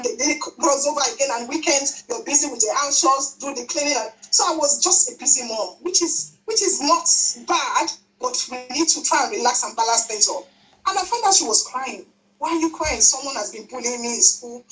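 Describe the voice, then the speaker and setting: In a high, slightly bright voice, a church speaker delivers a sermon about parenting, exhorting her listeners repetitively and restarting often. She's recorded from afar, and the audio quality is poor.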